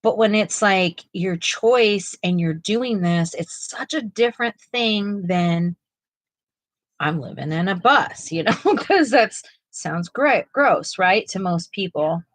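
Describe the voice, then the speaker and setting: A woman's voice: medium pitch, expressive, slow, few pauses, no room sound, low-quality recording. A middle-aged woman co-hosting a live art stream, chatting casually and rambling with lots of fillers and restarts. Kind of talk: casual chat while painting.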